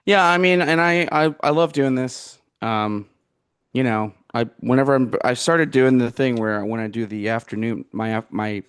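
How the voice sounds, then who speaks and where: A man's voice: medium pitch, moderate pace, fairly bright tone, clean tone. A man co-hosting a casual political podcast, rambling and hesitant, with many fillers and restarts. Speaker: podcast co-host.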